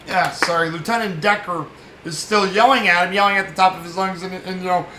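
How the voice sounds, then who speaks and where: A man with a high, bright voice talks through a film in a loose, rambling way and chuckles often. He is recorded in an echoey room with a faint hiss underneath. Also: fairly even intonation, fairly quick. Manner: rambling and chuckling, many fillers and restarts. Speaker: film podcast host. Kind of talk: casual film review.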